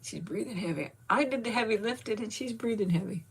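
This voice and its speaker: A woman's voice: mid-range voice, fairly quick, slightly rough. A woman in her fifties hosting a casual live chat, cooing baby talk at her pet and thanking viewers by name. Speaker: channel host.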